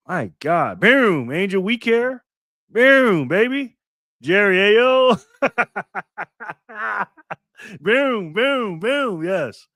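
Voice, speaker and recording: Reading comments from viewers out loud, a livestream host stays relaxed and cheerful, laughs a lot and keeps shouting "boom" to hype his audience. His tone is fairly bright, and the sound is clean studio audio with no room sound.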